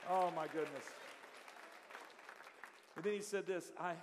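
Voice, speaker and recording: A middle-aged male pastor, telling stories in a sermon and swinging from hushed telling to loud shouting. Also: high-pitched, measured pace, crowd noise, background noise. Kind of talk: storytelling sermon. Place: church sanctuary. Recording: live church hall reverb.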